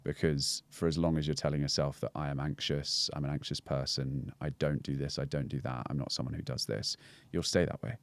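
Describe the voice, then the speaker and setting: A very deep-voiced man with a Scouse accent joins a casual podcast conversation as a guest, reflectively explaining breathwork and mindset with many fillers and restarts. He talks briskly with little pitch movement and hardly any pauses, and there's no echo.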